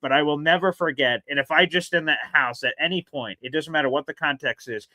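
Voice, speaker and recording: Bright, dry-voiced male radio host. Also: on the high side, brisk, no room sound. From South Carolina. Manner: animated, acts out voices in his stories. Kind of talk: casual call-in storytelling.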